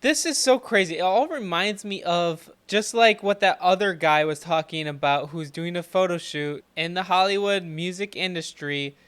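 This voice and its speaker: A man's voice: high-pitched, normal speed, hardly any pauses, a bit bright, smooth. A man hosting a Christian reaction channel, commenting and then preaching in an earnest, encouraging way.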